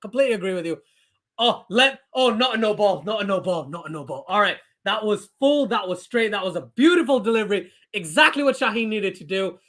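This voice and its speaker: A man's voice: sits high, fairly quick. A young man hosting a live cricket watchalong, giving casual commentary and reading out viewer comments in a chatty way. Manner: chatty, reads viewer comments aloud, bursts into excited shouts.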